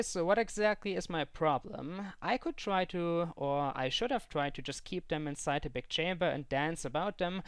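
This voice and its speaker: A woman's voice: fairly low pitch, dry recording. A woman giving let's play commentary in theatrical, mock-formal phrasing, breaking into frustrated outbursts. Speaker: gaming commentator.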